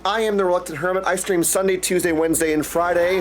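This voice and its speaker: A man's voice: sits high, fairly even intonation, fast talker, slight background noise. A young man hosting a live game stream in casual chat, effusive and greeting viewers by name. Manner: chatty and effusive, greets viewers by name, keeps saying "my dude".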